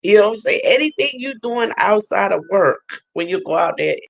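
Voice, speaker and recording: A woman's voice: medium pitch, lively intonation, normal speed, vocal fry, low-quality recording. A woman giving a spiritual reading and vlogging in a casual, earnest storytelling manner, breaking into laughter often. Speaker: spiritual reader. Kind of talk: casual spiritual vlog talk.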